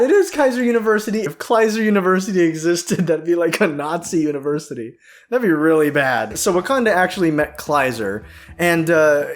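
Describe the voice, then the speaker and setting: A man hosting a casual film recap, sarcastic and joking, with frequent swearing. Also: on the high side. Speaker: video essay host.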